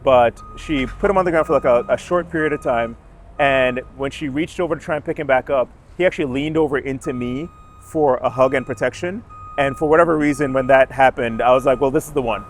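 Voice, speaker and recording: A man's voice: mid-range voice, a little fast, slight background noise. A young man from Jamaica, a dog owner, chatting casually outdoors on a city street and telling his story in a rambling, self-correcting way. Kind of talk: casual chat.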